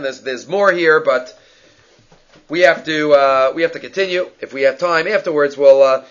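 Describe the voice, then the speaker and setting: A man's voice: on the high side, highs cut off. A man teaching a daily Talmud class, working through the text line by line and thinking aloud as he explains.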